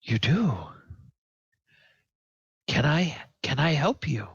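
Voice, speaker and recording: A man voicing an old dwarf who cries out in high, laughing joy. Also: takes it slowly, vocal fry, husky, dry recording, muffled recording, exaggerated voice. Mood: eager. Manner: high excited cries, laughing through tears. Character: joyful old dwarf, weeping with happiness.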